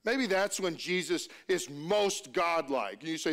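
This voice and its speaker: A man's voice: on the high side, lively intonation, unhurried, few pauses, a bit bright. A man preaching a sermon as pastor, talking conversationally, often restarting sentences and asking the congregation rhetorical questions.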